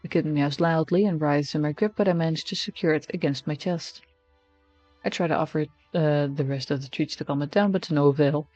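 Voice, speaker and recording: A man's voice: on the high side, fairly quick, a little mellow, no room sound, faint music behind. Man narrating a text game, lo-fi stream. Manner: casual, wry asides between narrated lines.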